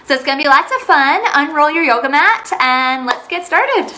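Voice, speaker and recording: A woman's voice: high voice, lively intonation, normal speed, sharp tone, echoey room, recorded from a distance, slight background noise, poor audio. A young woman leading a children's yoga lesson, playful and sing-song, making animal sounds as she teaches.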